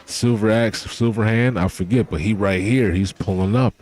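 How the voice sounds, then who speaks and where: Slangy, profane man with a low voice. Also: moderate pace, a little mellow, faint music behind. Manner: slangy and profane, talks loosely. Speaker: manga reaction host. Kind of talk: casual reaction commentary.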